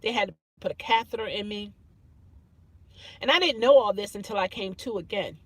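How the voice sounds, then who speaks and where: A woman's voice: medium pitch, a little fast, husky, dry recording. A woman vlogger telling a personal story to camera in an earnest way, often repeating phrases and restarting her sentences.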